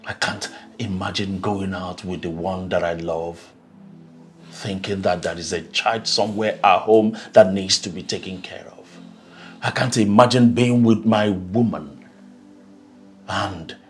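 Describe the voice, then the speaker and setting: A Nigerian actor playing a controlling husband in a film drama, talking slowly and swinging from hushed pleading to loud outbursts. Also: male voice, deep voice, fairly even intonation, soft background music. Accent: Nigerian English. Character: resentful controlling husband, man, adult.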